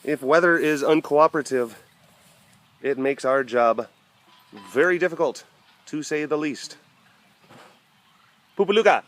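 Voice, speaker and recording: A man's voice: mid-range voice, measured pace, a bit bright, soft background music. A young man talks casually on camera outdoors at an animal compound in wet weather. He rambles and cracks jokes, slipping into playful sound effects and baby talk for the big cats. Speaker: big cat sanctuary keeper and webcast host. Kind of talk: casual outdoor vlog chat.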